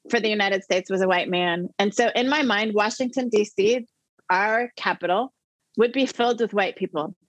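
A woman's voice: mid-range voice, no echo. Dry-sounding woman telling a story. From the Netherlands. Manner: animated, emphatic storytelling. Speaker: guest. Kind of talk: personal storytelling in an interview.

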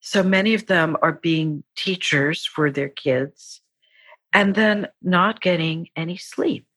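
Husky, soft-spoken woman author. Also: lowish voice, slow pace, no room sound. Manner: warm, earnest, acts out quoted voices. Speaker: guest psychologist and author. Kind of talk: podcast interview.

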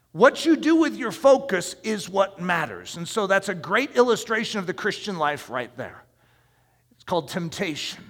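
A man delivers a sermon with a high, gravelly, bright voice that swings widely in pitch. He preaches in an emphatic, conversational way and asks his listeners questions. The long reverb of a large hall trails after his words.

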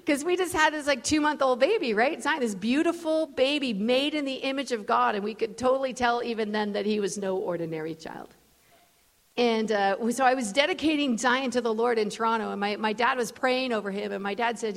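A woman guest speaker tells stories in a sermon, using a fairly high, casual voice full of "like" and "you know." She sounds animated and conversational. The sound comes from a large event hall with a long, ringing reverb. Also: a little fast. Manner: conversational, animated, many fillers. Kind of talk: sermon with storytelling.

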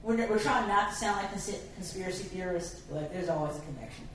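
A woman's voice: on the low side, fairly quick, a little hiss or hum. Woman hosting, heard from afar. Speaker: event host. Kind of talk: casual hosting remarks. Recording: roomy, from far off the mic.

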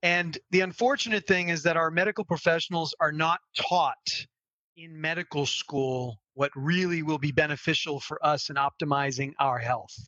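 Bright, emphatic man, lo-fi line. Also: fairly high pitch, steady tone, moderate pace, dry recording. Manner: emphatic, persuasive lecturing. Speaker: guest, optimal health strategist. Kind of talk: podcast interview talk.

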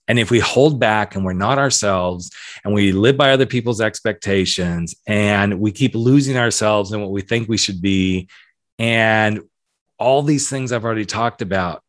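A man's voice: on the low side, no room sound, studio quality. A man in his fifties with a light Southern accent, hosting a podcast in a candid, reflective monologue with emphatic repetitions. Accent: Southern American. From southern United States. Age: 50s. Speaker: podcast host.

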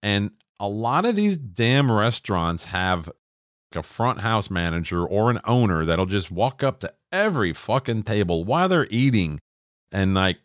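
A man's voice: lowish voice, sing-song, a little slow, no room sound, studio quality. A middle-aged man co-hosting a podcast, swearing freely as he rants and mimics people in casual chat. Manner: profane, ranting, acts out quoted voices. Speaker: podcast co-host.

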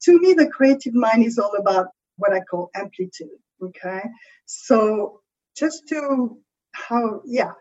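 Breathy French-accented woman explaining. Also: fairly high pitch, unhurried, highs cut off. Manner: animated explaining, frequent "right?" checks. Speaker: creativity coach. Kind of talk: conversational interview.

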